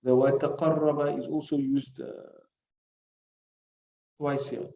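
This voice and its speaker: A man's voice: fairly high pitch, little pitch movement, unhurried, creaky, dark tone, a little hiss or hum. Man teaching hadith, echoey room. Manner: explains word by word, asks rhetorical questions; recites classical Arabic phrases between English. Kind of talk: classroom lesson. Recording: muffled recording in echoey room.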